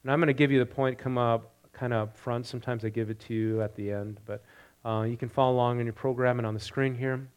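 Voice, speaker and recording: Animated male pastor preaching. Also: mid-range voice, fast talker, clear, resonant tone. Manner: animated, rising loud on quoted lines, asks congregation questions. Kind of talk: sermon with scripture reading.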